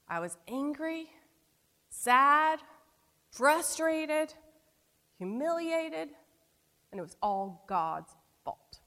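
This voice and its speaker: Woman preaching in a reverberant hall. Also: sits high. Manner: storytelling with wide swings between emphatic and hushed delivery. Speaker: pastor. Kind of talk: sermon.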